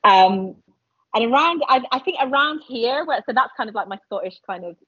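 A woman in her forties chatting casually as a podcast guest, animated and quick to laugh. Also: fairly high pitch, breathy edge, dry recording. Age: 40s. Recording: dull lo-fi sound.

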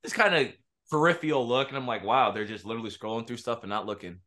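A man co-hosting a podcast, bantering quickly with jokes and casual swearing. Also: mid-range voice, crowd noise. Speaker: podcast co-host.

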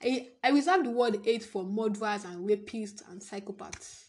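A woman's voice: medium pitch, moderate pace, slight background noise. A young woman from Nigeria with a Nigerian English accent, rambling in a casual vlog monologue, jumping between thoughts, laughing and swearing often. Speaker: vlogger.

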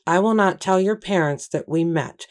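A woman reading the lines of a kind, gentle young male priest in an audiobook, speaking softly and politely. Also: lowish voice, normal speed, lightly acted. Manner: soft, consoling and polite.

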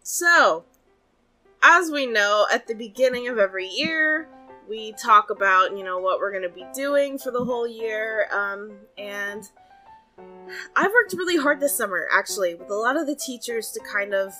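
A woman's voice: a little high, expressive, moderate pace, sharp tone, faint music behind. A woman voicing an earnest female magic professor who rambles with many fillers.

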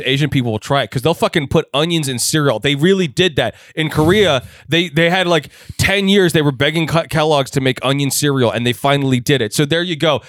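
A man's voice: medium pitch, a bit bright, no room sound, studio quality. A young man co-hosting a podcast, chatting casually in a rambling, crude way full of fillers. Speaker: podcast co-host.

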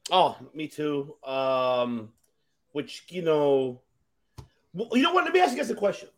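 A man hosting a casual talk show, asking rambling, animated questions with many restarts. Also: a little high, measured pace. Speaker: podcast host. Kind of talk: casual chat.

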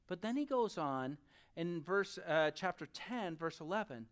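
Animated pastor preaching a sermon. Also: mid-range voice, a little slow. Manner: animated, swings between loud and soft; addresses the audience directly.

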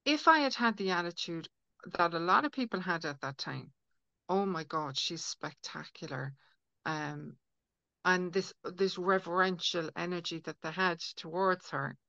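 A woman's voice: fairly low pitch, expressive, normal speed, sharp tone, no echo. A woman guest on a podcast, talking earnestly in casual conversation and acting out inner voices as she explains. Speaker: guest healer. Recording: dull lo-fi audio, dry.

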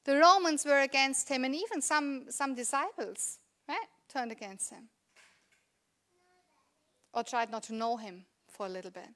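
A woman in her thirties delivers a church sermon with a slightly high voice. She talks to the congregation in an earnest, conversational way and leans on rhetorical questions. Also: a little slow, a bit bright. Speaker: preacher.

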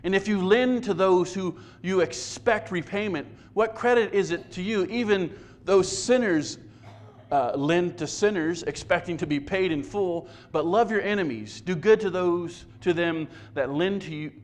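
A man's voice: sits high, a little slow. A man preaching a sermon as pastor, conversational and self-deprecating, often stumbling and repeating words.

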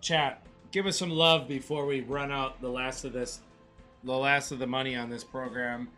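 A man co-hosting a slot stream, chatting casually with rowdy, profane excitement and hyping up the chat. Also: mid-range voice, moderate pace, soft background music.

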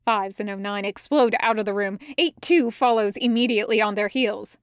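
A woman's voice: mid-range voice, moderate pace, no room sound. Woman narrating fan fiction, dry close sound. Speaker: podfic reader.

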